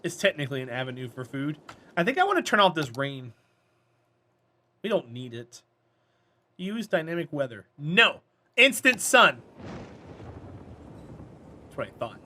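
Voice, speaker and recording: Bright, high-voiced male streamer. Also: sing-song. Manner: chatty, rambling, answers chat, quick to laugh. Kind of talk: casual live-stream chat while gaming.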